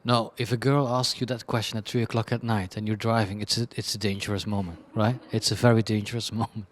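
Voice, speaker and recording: Speaking fast in a lowish voice with little pitch movement, this man is a creative director giving chaotic, rambling interview answers. He's blunt and candid, often restarting, laughing, and poking fun at himself.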